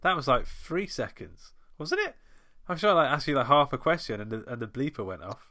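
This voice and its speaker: A man's voice: medium pitch, sing-song, brisk, sharp tone, no room sound. Man, podcast co-host, playful quizmaster, dry close sound. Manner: jokey, laughs often, wordplay. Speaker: podcast co-host running a quiz. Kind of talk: casual chat. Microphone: headphones, home mic.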